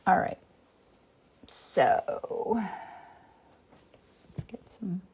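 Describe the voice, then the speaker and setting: A woman's voice: medium pitch, lively intonation, drawn-out words, mellow, slightly rough. A woman in her fifties hosting a live painting demo, thinking aloud as she works, greeting viewers by name and sometimes dropping to a near whisper. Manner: drops to a near whisper at times while working. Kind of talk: casual live-stream chat while painting.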